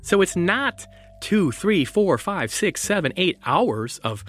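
A man's voice: high-pitched, big pitch swings, takes it slowly, faint music behind. A male attorney giving an interview, sounding skeptical and incredulous as he picks apart a witness's story. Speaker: defense attorney. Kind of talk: recorded interview.

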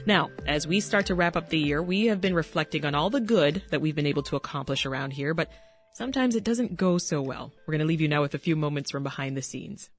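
A woman hosting a public radio talk show, lively and playful in manner, wrapping up the episode with guests and listeners. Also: low-pitched, quick pace, faint music behind. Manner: lively, playful, laughs readily.

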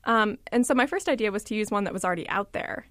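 A woman from the suburbs of Washington, D.C., chatting as a reporter in a lively, storytelling way. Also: mid-range voice, quick pace, no echo, clean studio sound. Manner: lively, storytelling, quotes others. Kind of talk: conversational radio chat.

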